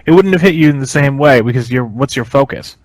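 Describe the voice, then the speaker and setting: A man co-hosting a podcast, talking casually and reflectively, pausing and searching for words. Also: medium pitch, lively intonation, dry recording, rough recording. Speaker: podcast co-host. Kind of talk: casual conversation.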